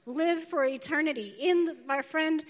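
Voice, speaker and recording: A middle-aged woman pastor preaching a lively, feisty sermon and laughing often, recorded in a church auditorium. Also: high voice, normal speed. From northern United States. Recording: long reverb of a large hall.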